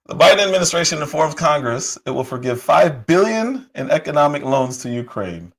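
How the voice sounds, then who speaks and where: A man hosting a political commentary livestream, hoarse from a cold, talking heatedly with rhetorical questions and frequent restarts. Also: a little high, low-quality recording. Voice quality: husky. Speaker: livestream host.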